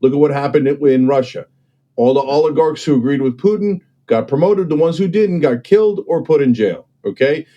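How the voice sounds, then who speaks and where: A man's voice: on the high side, fairly quick, dark tone, lo-fi sound. A man in an impassioned political discussion, talking emphatically and persuasively and often checking in with "okay?" and "right?". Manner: acts out other people's voices when quoting them. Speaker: political commentator and guest.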